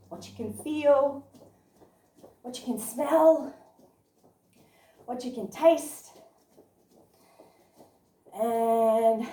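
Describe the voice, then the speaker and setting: A woman guiding a yoga class through movement and body awareness, speaking in an encouraging, gently instructive way. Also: sits high. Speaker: yoga and meditation teacher. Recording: roomy sound from a distant mic.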